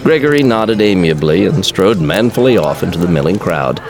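A man giving measured, scripted storybook narration in a radio play. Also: deep voice, expressive, crowd noise.

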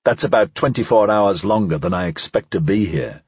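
A man's voice: on the low side, animated, moderate pace, a little mellow, breathy edge, dry recording, muffled recording. A man voicing a seasoned male investigator who talks in a clipped, matter-of-fact way in an audiobook. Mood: measured. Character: seasoned male investigator, dry, measured, in charge.

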